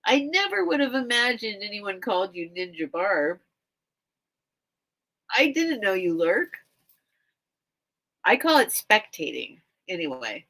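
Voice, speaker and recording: A woman's voice: medium pitch, big pitch swings, unhurried, long pauses, a bit bright. A woman hosting a live online vintage sale from home, rambling and chatting straight to her viewers. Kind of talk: casual live-stream chat.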